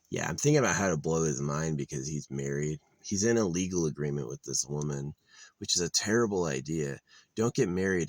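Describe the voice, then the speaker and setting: Very deep gravelly man rambling. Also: no echo. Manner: meandering, crude, blunt opinions with many fillers. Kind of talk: rambling monologue. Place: outdoors.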